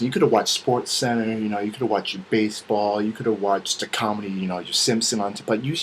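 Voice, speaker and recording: A man's voice: fairly low pitch, a little hiss or hum, rough recording. A young man ranting casually and comically, with lots of swearing, acting out bits of dialogue as he goes. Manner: profane, animated, acts out quoted dialogue. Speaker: vlogger. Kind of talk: casual comedic rant.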